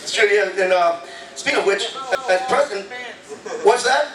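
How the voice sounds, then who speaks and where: High-voiced male comedian in an echoey club. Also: expressive, moderate pace, recorded from a distance, a crowd in the background. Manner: casual, chatty, banters with the audience. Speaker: stand-up comedian. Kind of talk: stand-up comedy set. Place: comedy club stage before a live audience. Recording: echoey club recorded from afar.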